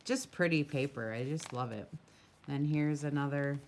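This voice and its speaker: A woman's voice: sits low, normal speed, a little mellow, slight background noise. A woman who runs a craft shop, casually chatting as she flips through a handmade journal, gushing and full of small asides, recorded outdoors in a breeze on a camera mic.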